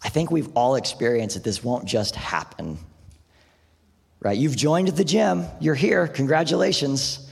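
A man's voice: fairly low pitch, darkish tone, breathy edge. A man preaching a sermon in a casual, conversational way, often saying "like" and "right?". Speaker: pastor. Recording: long hall reverb.

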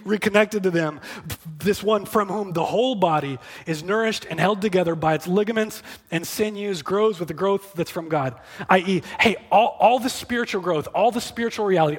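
A male preacher with a high voice delivers a sermon, emphatic but chatty, often stumbling over repeated words as he begins a thought. His voice carries a long reverb, as if heard in a large sanctuary. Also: a bit bright, husky. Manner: emphatic, conversational, repeats words when starting a phrase.

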